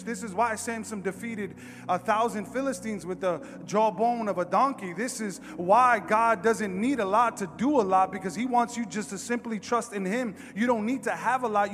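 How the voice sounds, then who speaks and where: A man preaching a sermon to a congregation in an animated, emphatic way, acting out the lines he quotes. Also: high voice. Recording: long hall reverb with music behind.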